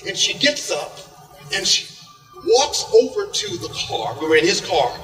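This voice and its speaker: A middle-aged man from Oklahoma telling a comic story live to an audience, animated and acting out quoted lines. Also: high voice, normal speed, faint music behind. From Oklahoma, USA. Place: large hall with an audience. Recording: echoey hall, far from the mic.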